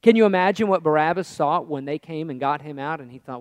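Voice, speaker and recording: A man preaching a sermon and reading scripture aloud, emphatic and dramatic, sometimes dropping to a hush. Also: fairly high pitch, quick pace, no echo, studio quality, long reverb tail. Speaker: pastor.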